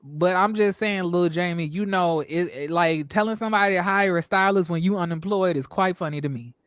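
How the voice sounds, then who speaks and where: A young man hosting a casual reality TV review show, animated and profane, laughing often and putting on voices when he quotes people. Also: high-pitched, a little fast, smooth. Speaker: show host.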